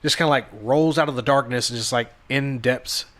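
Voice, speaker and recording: A man's voice: medium pitch, brisk, a bit bright. A man co-hosting a podcast, recapping a film in rambling, profane casual chat and acting out the characters. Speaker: podcast co-host.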